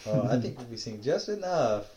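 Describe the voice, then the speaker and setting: A young man co-hosting a comedy podcast, loud and jokey, jumping into high excited yelps and laughter. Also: moderate pace, highs cut off, slight background noise. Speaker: podcast co-host. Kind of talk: casual comedic banter.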